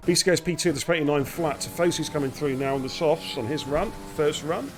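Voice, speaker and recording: A man's voice: a little high, a little fast, over music. A man hosting and calling a live sim racing stream, chatty and teasing, greeting viewers by name. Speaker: lead commentator and host.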